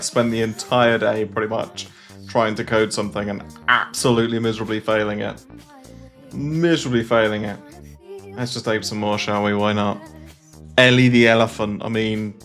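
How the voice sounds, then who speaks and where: A man hosts a casual livestream, talking loosely and rambling through his thoughts with frequent fillers and restarts. His voice sits somewhat low, with a gravelly, fry-edged texture. A faint trace of music plays underneath. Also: fairly bright tone. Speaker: crypto trading livestreamer.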